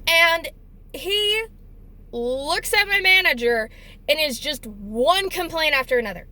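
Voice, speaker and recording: A woman's voice: high-pitched, very animated, moderate pace, pushed and bright, poor audio. A young woman telling a workplace story in a chatty, exasperated way, casual storytime vlog. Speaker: deli worker telling a story.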